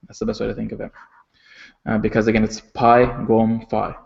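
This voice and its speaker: A man teaching a language lesson, explaining patiently with frequent fillers and self-corrections, and slowing down to pronounce example sentences carefully. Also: fairly low pitch, completely flat delivery, creaky. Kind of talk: recorded online lesson. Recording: slightly dull, muffled audio.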